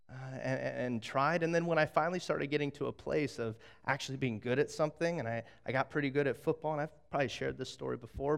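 Animated, smooth-voiced male preacher. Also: mid-range voice. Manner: animated storytelling, acts out voices, frequent restarts. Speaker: pastor. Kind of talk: sermon.

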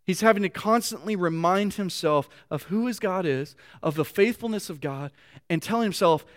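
A man's voice: high voice, normal speed. A male pastor giving an earnest sermon. He reads scripture aloud with feeling and often repeats words while reaching for his thoughts.

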